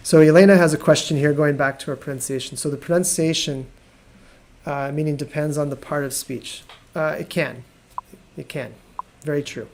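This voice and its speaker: A man teaching an English lesson on a live video stream, explaining patiently and repeating words slowly. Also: a little high, fairly even intonation. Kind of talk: live online language lesson.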